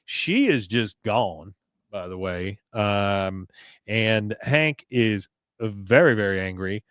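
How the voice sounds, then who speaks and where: A man's voice: fairly low pitch, expressive, takes it slowly, fairly bright tone, clear, resonant tone, no room sound, clean studio sound. Wry man recapping a cartoon episode. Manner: wry, swears casually. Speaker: podcast host.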